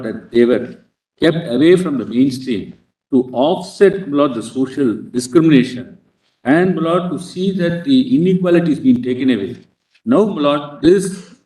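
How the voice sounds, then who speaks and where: A man with an Indian accent, arguing as an advocate before a court in a formal, halting manner, constantly addressing the bench. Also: fairly high pitch, dark tone. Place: large courtroom. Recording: roomy courtroom audio from a distance.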